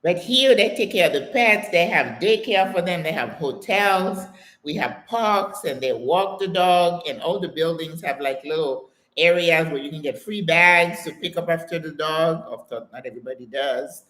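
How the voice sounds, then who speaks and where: An older American woman hosting a live question-and-answer stream, reading viewer comments aloud and telling stories in a chatty, animated way. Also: deep voice, normal speed. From United States. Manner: chatty, animated storytelling with exclamations and laughter. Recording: echoey room sound.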